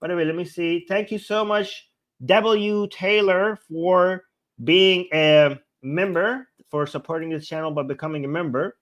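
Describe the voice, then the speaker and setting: Guy reacting to a clip, sarcastic, keeps repeating himself, kinda high voice. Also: measured pace, a bit bright. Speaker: channel host. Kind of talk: casual reaction commentary.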